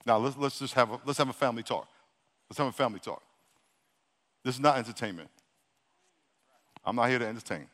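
A male pastor preaching a sermon to his congregation, talking directly and repeating himself as he urges them to pray loud. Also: mid-range voice, brisk, pauses often. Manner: exhorting, repeats himself, Southern-leaning casual speech; calls the congregation to loud prayer. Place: large church hall. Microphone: handheld or stage microphone. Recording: long hall reverb.

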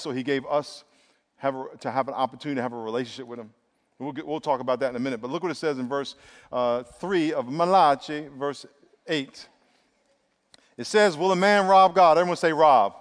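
A middle-aged man preaching a lively, emphatic sermon in a church, calling on the congregation to answer back. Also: mid-range voice. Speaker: pastor. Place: church sanctuary. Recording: long reverb of a large hall.

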